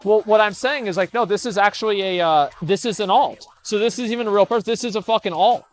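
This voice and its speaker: A man's voice: high voice, fast talker. A young man streaming casual commentary as he reads forum posts aloud, blunt and scornful, swearing, stammering and restarting.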